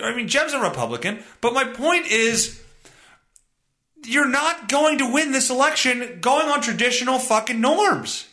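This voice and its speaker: A man's voice: very high voice, bright, forceful tone. Ranting, profane man hosting a podcast. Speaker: podcast host. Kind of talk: solo podcast rant. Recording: roomy echo.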